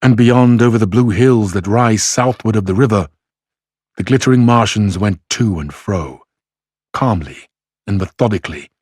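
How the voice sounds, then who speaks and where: A man reads passages from a classic novel in a steady, measured way. His voice sits low and a little husky. The sound is dry, with no room behind it. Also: no room sound. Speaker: reader. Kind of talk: reading a novel aloud.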